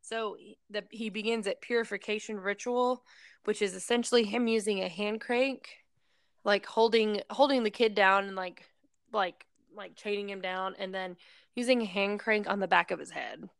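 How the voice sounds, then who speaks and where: A woman's voice: mid-range voice, vocal fry, dry recording. A woman casually recapping a film plot in a rambling way, with lots of fillers, and briefly acting out the characters' lines. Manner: rambling storytelling with many fillers; acts out characters' lines in quick voices. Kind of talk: casual chat.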